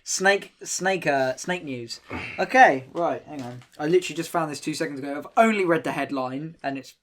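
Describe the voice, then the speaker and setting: A man's voice: a little high, normal speed, a bit bright. A man co-hosting a podcast, joking and teasing in casual chat. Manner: jokey, teasing. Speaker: podcast co-host.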